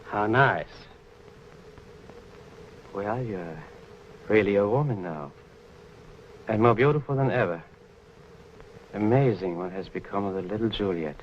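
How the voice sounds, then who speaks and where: An actor playing a smug, vengeful Nazi propaganda minister in 1940s film acting, gloating and silky, on dull lo-fi old film sound. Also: male voice, fairly low pitch, lively intonation, measured pace, pauses often, slight background noise. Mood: mocking. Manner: gloating, silky, holds grudges.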